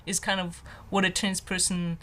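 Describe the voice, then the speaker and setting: A transgender man who is not on hormones, with a voice in a typical female range, talking in a casual vlog monologue. He muses in a halting, light-hearted way with many fillers. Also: high-pitched, monotone, pushed and bright. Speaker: vlogger.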